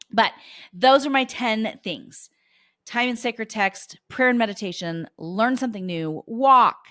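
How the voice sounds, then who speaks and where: Chatty woman podcaster, lowish dry voice. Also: no room sound. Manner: chatty, warm encouragement with quoted dialogue. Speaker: podcast host. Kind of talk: casual solo podcast talk.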